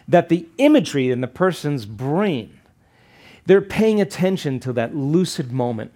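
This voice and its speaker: A man's voice: mid-range voice, a little mellow. A man teaching a seminar to a live audience, often checking in with rhetorical questions and acting out quoted voices. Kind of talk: live workshop lecture.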